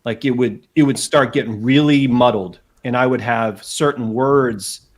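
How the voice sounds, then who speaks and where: A man, a guest telling animated anecdotes in a casual chat, with frequent asides. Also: medium pitch, unhurried. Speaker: guest author. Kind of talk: casual storytelling.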